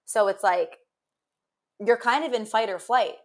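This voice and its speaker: A woman's voice: on the high side, unhurried. A young woman co-hosting a podcast, talking earnestly in a rambling, filler-heavy casual way. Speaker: podcast co-host. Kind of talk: casual chat.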